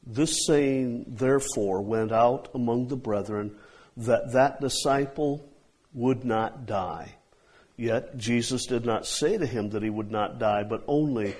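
A male preacher works through a sermon with slow, measured phrasing. His voice is slightly husky, and he drives points home with emphasis before pausing to let them land. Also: medium pitch, a little mellow. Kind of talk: expository sermon.

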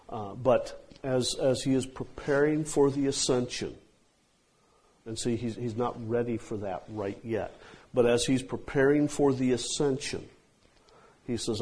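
A male preacher works through a sermon with slow, measured phrasing. His voice is slightly husky, and he drives points home with emphasis before pausing to let them land. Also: medium pitch, darkish tone. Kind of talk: expository sermon.

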